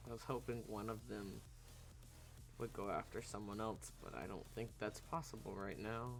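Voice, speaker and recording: A man's voice: on the low side, steady tone, normal speed, creaky, faint music behind. A man streaming a game, casually commenting on his moves and laughing often as he reacts to chat.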